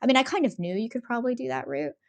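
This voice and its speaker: A woman co-hosting a podcast, talking in a casual, animated way with lots of fillers and restarts. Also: fairly high pitch, racing. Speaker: podcast co-host. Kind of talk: casual discussion.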